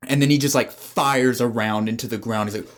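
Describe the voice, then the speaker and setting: A man co-hosting a podcast in casual chat, pitching a story and acting out its scenes. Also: fairly quick. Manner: animated storyteller who acts out scenes. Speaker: podcast co-host.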